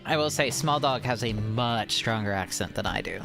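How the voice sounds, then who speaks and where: A woman streamer with a Mid-Atlantic accent and a hint of Baltimore in her vowels chats loosely while she plays. Her pitch swings widely from line to line as she rambles through answers to chat, with game music playing underneath. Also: lively intonation, normal speed, creaky. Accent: Mid-Atlantic American with a touch of Baltimore. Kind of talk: casual live-stream chat while gaming.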